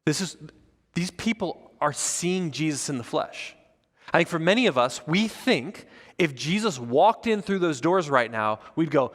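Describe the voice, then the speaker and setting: A male pastor preaching a sermon, reading scripture and acting out the voices of the crowd in a casual, animated way. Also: on the high side, normal speed. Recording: church hall with long reverb.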